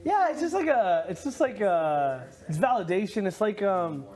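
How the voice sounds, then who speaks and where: A man's voice: sits high, big pitch swings, moderate pace, darkish tone. A man telling a story in casual conversation, swearing freely and acting out the people in it with laughter. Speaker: reality show houseguest.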